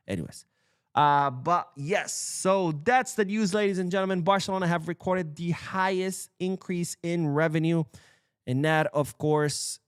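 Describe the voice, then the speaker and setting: A young man hosting a casual livestream, reading chat comments aloud and swearing freely in an animated way. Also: medium pitch, no echo, studio quality. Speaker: livestream host. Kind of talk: casual live-stream chat.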